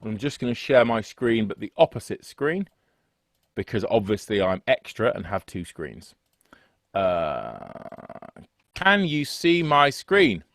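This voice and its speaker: A man's voice: fairly low pitch, sing-song, takes it slowly, fairly bright tone, no room sound, clean studio sound. A man teaching an online music theory lesson on a video call, chatty and self-deprecating, wandering off into asides. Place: home setup with two screens. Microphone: desk microphone on a video call.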